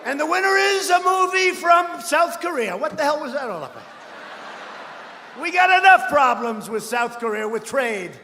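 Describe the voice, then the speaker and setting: A man giving a rambling, boastful campaign rally speech, often breaking into shouts. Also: very high voice, lively intonation, moderate pace, slight background noise. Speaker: political speaker at a rally. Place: large rally hall. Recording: echoey hall with long reverb.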